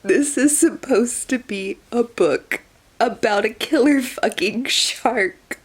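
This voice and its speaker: A woman's voice: on the high side, a little slow, a little mellow, breathy edge. A woman book vlogger talking in a casual reading vlog, incredulous and swearing, breaking into laughter often.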